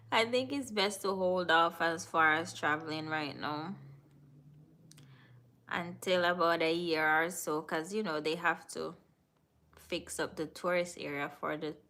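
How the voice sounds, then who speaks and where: A woman's voice: on the low side, steady tone, measured pace, long pauses, bright, forceful tone. A Jamaican woman hosting a live stream, chatting casually and answering viewers in the chat. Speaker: livestream host.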